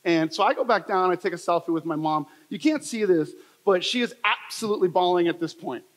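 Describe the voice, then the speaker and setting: A man's voice: high-pitched, fairly quick. A man giving a motivational keynote talk, telling personal stories with emphatic, repetitive phrasing. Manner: emphatic, repetitive, storytelling delivery. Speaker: motivational speaker. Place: large event hall. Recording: long reverb of a large hall.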